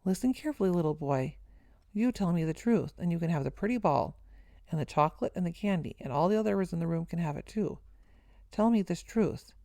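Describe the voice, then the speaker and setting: A woman's voice: on the low side, expressive, fairly quick, gravelly, warm tone, no echo, clean studio sound. A woman reading aloud, voicing a menacing adult male soldier who coaxes and barks at children. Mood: wheedling. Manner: wheedling then barking, mocking.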